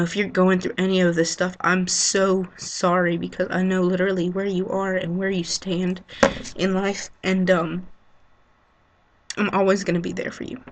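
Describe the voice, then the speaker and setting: A woman talking unscripted to her webcam, halting and emotional, with frequent sighs, ums and you-knows. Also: lowish voice. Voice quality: sighing. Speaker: vlogger. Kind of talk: unscripted heartfelt monologue to camera. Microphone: built-in webcam mic.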